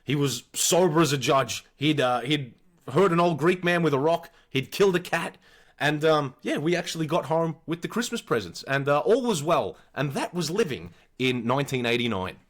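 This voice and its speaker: Australian man, forties, podcast co-host, slightly high voice, profane, animated storyteller. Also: moderate pace. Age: 40s. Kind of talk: casual storytelling.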